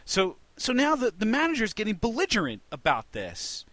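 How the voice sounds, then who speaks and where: A man hosting a casual podcast, telling an animated story with lots of restarts. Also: sits high, normal speed, dry recording. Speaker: podcast host.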